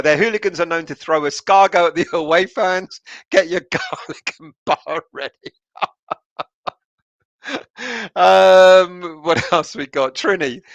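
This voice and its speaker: A man's voice: a little high, a bit bright, no room sound. A man from England hosting a casual live stream, reading out viewers' comments and answering each one in a chatty way, with lots of fillers and restarts. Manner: chatty, laughs often, many fillers and restarts. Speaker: podcast host reading live chat comments.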